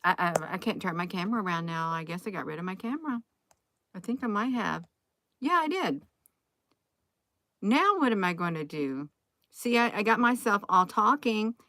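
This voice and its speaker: A woman's voice: mid-range voice, expressive, normal speed, pauses often, bright, forceful tone. A woman vlogging into her phone, thinking aloud in a casual, rambling way and often restarting her sentences.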